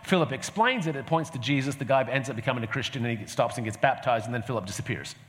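Speaking quickly with lively intonation, this mid-range, slightly bright male voice belongs to a pastor teaching a church group. He keeps it conversational, with fillers and restarts, and checks in by asking "right?" Reverberant hall acoustics surround him.

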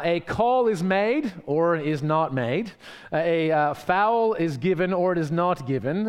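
A man preaching a sermon in a conversational way, often checking in with tag questions. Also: on the high side. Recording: long hall reverb.

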